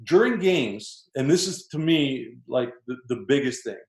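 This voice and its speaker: A man's voice: mid-range voice, a little slow. Man telling stories in a roomy space. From Canada. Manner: animated, acts out coaches' lines while telling stories. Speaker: guest, former basketball player. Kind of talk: casual storytelling. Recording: roomy echo.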